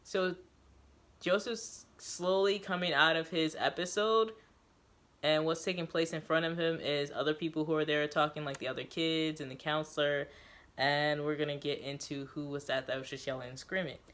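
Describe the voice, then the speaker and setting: A woman's voice: deep voice, steady tone, moderate pace, fairly bright tone. A woman host reading a story aloud, mixing a dramatic read with casual, filler-heavy recaps.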